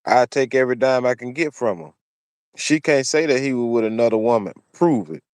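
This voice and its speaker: A commentary channel host with a smooth, medium-pitched voice talks a little fast. His solo take is opinionated and preachy, full of repeated phrases for emphasis, and the studio-quality audio has no echo.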